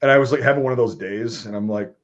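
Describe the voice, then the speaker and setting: Speaking quickly at medium pitch, this podcast co-host, an army veteran, trades war stories in a loose, foul-mouthed chat, animatedly voicing the quotes and cursing freely, on slightly muffled lo-fi audio.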